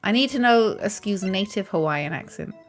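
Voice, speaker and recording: A woman's voice: mid-range voice, animated, moderate pace, faint music behind. A British woman live-streaming a courtroom game, chatty and self-mocking, laughing often. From Britain.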